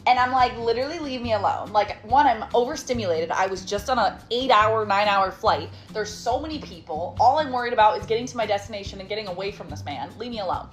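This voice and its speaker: A woman's voice: medium pitch, animated, fast, few pauses, faint music behind. A young woman casually telling a storytime, chatty and dramatic with sassy asides.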